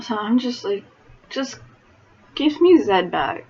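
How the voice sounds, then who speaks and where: A woman's voice: mid-range voice, very animated, slow, dark tone, husky. A woman chatting casually about a TV episode, talking in loose repeated phrases full of "like". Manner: conversational, repeats "like" and restarts. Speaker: co-host reviewing an episode. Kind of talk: casual chat. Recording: dull lo-fi home recording.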